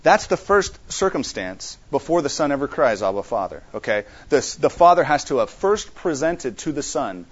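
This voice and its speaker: Leading an interactive Bible study, this man speaks at medium pitch in a husky, sing-song voice. He halts and restarts his sentences often, circles back to his main points, and checks in with the group, all on a dull lo-fi recording.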